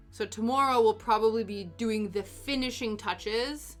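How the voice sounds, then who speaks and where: A young woman chatting casually while she crafts on a stream, self-deprecating and quick to laugh, with soft music playing behind her. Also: on the high side. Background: soft background music.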